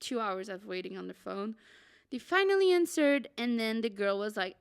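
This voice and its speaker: A young woman, a podcast co-host, telling a travel story in a dramatic, excitable way and saying "like" a lot. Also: mid-range voice, fairly quick, clear, resonant tone. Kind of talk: casual storytelling.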